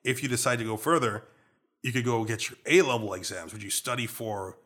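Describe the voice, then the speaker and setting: A young man from Trinidad and Tobago with a Trinidadian accent, co-hosting a casual chat and telling stories in an animated, playful way. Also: medium pitch, brisk. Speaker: podcast co-host.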